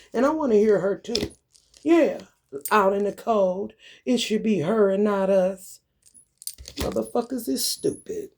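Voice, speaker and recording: A man's voice: very high voice, darkish tone. A man vlogging a profane, confrontational rant, swaggering and taunting his targets.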